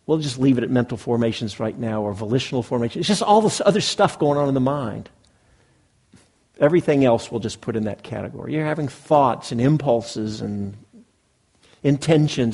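A man gives a dharma talk to a live group in a meditation hall. His voice is gravelly and a little husky, at an ordinary pitch. He talks conversationally and checks in with the listeners often. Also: a little mellow. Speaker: meditation teacher.

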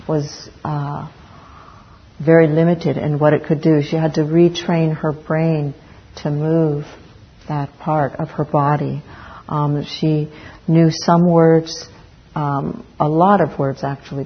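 A middle-aged woman gives a Buddhist dharma talk in a low, even voice, slow and reflective, pausing often between thoughts. The recording is dull and lo-fi, with a faint room hum behind her. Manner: slow, reflective, with many pauses and fillers.

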